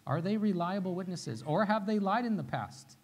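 A male pastor with a fairly high voice delivers a sermon in a relaxed, conversational style. He repeats his key phrases and keeps asking his listeners "right?" as he goes. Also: moderate pace, a little hiss or hum. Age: young adult to middle-aged, father of a little one. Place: church sanctuary.

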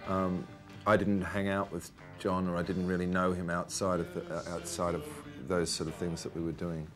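A man's voice: low voice, flat delivery, moderate pace, over music. A man, a musician, speaking in a matter-of-fact way in an interview.

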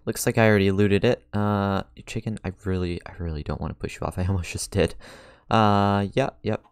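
A man hosting a game let's play, chatting casually to viewers and getting easily excited, with gasps and frequent laughs. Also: lowish voice, a little fast, smooth, no room sound, studio quality. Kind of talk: casual gaming commentary.

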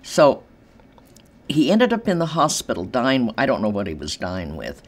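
An older woman telling stories in an interview from her apartment, animated and acting out the voices of others. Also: extremely low pitch, normal speed. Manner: animated, acts out quoted voices, laughs easily. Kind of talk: storytelling in an interview. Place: large empty room in her apartment.

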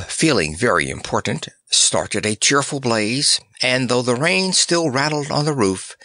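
A man narrating a children's audiobook in a measured, expressive way. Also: medium pitch, no room sound, studio quality.

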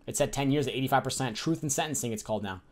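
A man's voice: mid-range voice, very fast. A young man from the Chicago area telling a personal story in a casual, profane and heated way, acting out the people in it. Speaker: streamer telling his life story.

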